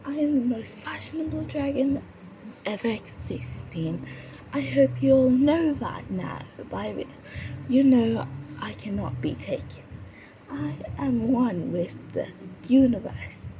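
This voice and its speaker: A woman's voice: high-pitched, slow, pitched above the performer's own voice. A woman voicing a proud, fashionable female dragon puppet who stumbles over her words. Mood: boastful. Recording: steady background noise.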